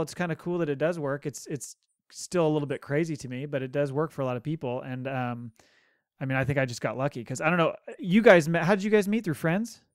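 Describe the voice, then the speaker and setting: Laughing man with a clear voice. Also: a little high, no echo, studio quality. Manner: jokey, laughs often. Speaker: podcast co-host. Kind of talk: casual chat.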